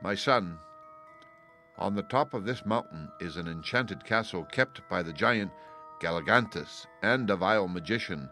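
A grave old male hermit from a fairy tale, read by a man. He speaks calmly and in a fatherly way, in a low voice. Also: moderate pace, faint music behind.

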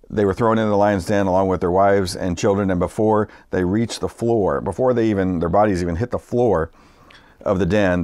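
Man, pastor, sermon, very low voice, dry close sound, conversational with fillers. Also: a little mellow, no room sound. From Massachusetts, United States. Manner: conversational, with frequent fillers and restarts.

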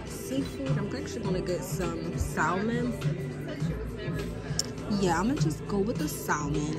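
A young woman vlogging in casual, slangy chat, talking into her phone, nervous and excited. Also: fairly low pitch. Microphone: phone held by hand. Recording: music playing behind.

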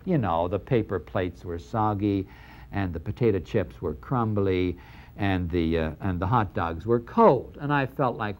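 An older man giving a lecture on scripture, animated and acting out the dialogue in dramatic voices. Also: low voice, unhurried. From Middle East. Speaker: lecturer on the New Testament. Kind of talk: university-style lecture.

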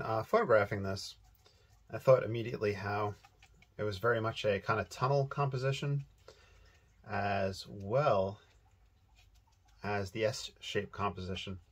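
A man's voice: fairly low pitch, fairly even intonation, normal speed, long pauses, husky. A man giving a casual, rambling watercolor painting lesson, thinking aloud as he paints. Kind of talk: relaxed painting tutorial.

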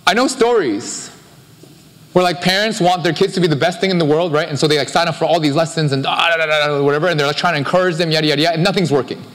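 A man gives a live-streamed church sermon in a chatty, animated manner with quick asides. His voice sits slightly high for a man. Long reverb from the sanctuary trails each phrase. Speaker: pastor.

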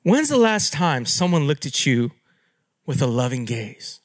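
A man preaching as a pastor, telling stories in an animated, playful way and laughing at himself. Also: medium pitch, measured pace. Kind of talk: storytelling sermon.

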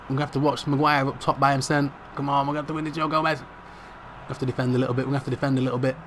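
A young man commentating his football game, bursting into mock-broadcast shouting at big moments. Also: medium pitch, flat delivery, rapid-fire, a little hiss or hum. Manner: shouts in mock-broadcast commentary at goals, chatty and swearing mildly otherwise. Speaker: gaming commentator.

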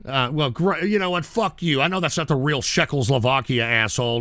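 A man hosting a livestream show, ranting angrily at a viewer with constant insults and bursts of shouting. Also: mid-range voice, fairly quick, no room sound, clean studio sound. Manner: angry, insulting, frequently shouting. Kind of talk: profane ranting livestream talk.

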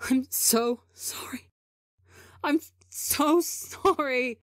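A man's voice: very high voice, extremely slow, a bit bright, no echo, clean studio sound, voice pushed up, full character voice. A woman voicing a frantic, heartbroken young man who pleads in a strained, tearful voice. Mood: sobbing. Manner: pleading, sobbing desperation.

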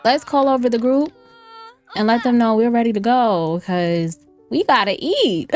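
A woman's voice: on the high side, expressive, measured pace. Chatty woman laughing through game commentary. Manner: chatty and playful, laughs often, talks to viewers as "y'all". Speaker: gameplay streamer. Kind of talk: casual let's-play commentary. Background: faint lo-fi music.

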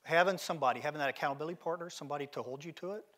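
This keynote speaker, a middle-aged man, talks very fast in a slightly high, somewhat bright voice. He's giving a motivational address at a seminar venue, and his stories come across direct and emphatic.

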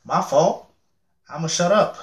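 A young man reacting to a music video, joking, swearing freely and getting loudly excited. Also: a little high, unhurried, heavy background noise. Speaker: reaction channel host. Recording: echoey room with music playing. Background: music video playing loudly.

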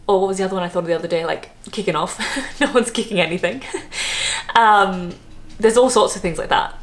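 A woman's voice: mid-range voice, a little fast. A young Australian woman chatting casually to camera as a vlogger, laughing often and drifting into asides.

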